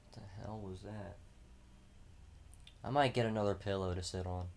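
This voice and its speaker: A man's voice: deep voice, steady tone, normal speed, creaky. A man streaming a racing game, chatting casually with mild swearing. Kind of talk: casual gameplay commentary.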